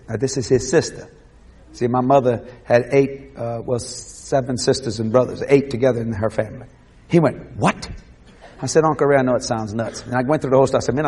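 A Cajun man preaching, telling a story animatedly, shouting out the voices he quotes and laughing often. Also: a little high, slightly rough. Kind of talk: sermon storytelling.

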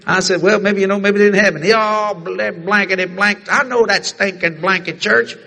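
A man preaching a sermon, telling a story in animated fashion and acting out the other people's lines. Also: sits high, normal speed, gravelly.

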